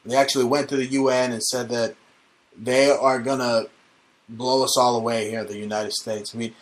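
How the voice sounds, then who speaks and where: A man hosting a comedy show, ranting in a rambling, swear-laden, mock-conspiracy style. His voice sits at an ordinary male pitch. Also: little pitch movement, moderate pace. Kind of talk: satirical comedy rant.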